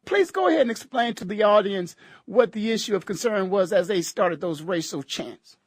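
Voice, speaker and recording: A man's voice: high-pitched, lively intonation, normal speed, dry recording. A middle-aged man from the United States hosting a radio talk show, speaking in an emphatic, preachy and repetitive way.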